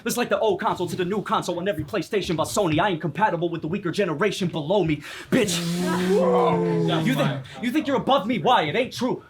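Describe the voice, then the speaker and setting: A young man from South Florida performing a mocking rap battle verse live, breaking into rapid-fire chopped flows. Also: high-pitched, a crowd in the background. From South Florida, United States. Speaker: battle rapper. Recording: clear background noise.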